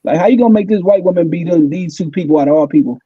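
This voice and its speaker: A man co-hosting a podcast in casual chat, rambling and animated, piling on "like" and "man". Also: high-pitched, very fast, husky, highs cut off. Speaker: podcast co-host.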